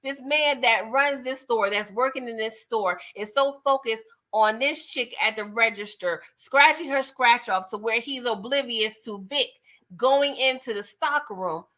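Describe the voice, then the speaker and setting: A woman's voice: a little high, a little slow, pushed and bright. A woman giving a casual, slangy recap of a TV episode, chatty and laughing often. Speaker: TV recap reviewer.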